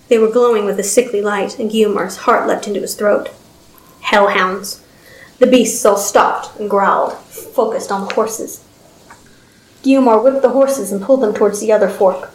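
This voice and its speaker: Woman, story narration, steady reading, average pitch, echoey room. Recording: roomy echo.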